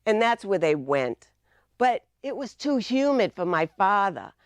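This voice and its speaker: A woman's voice: mid-range voice, sing-song, a little slow, no room sound. Boston-accented woman telling funny stories. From Massachusetts, US. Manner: storytelling, playful asides. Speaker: club speaker. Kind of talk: humorous prepared speech.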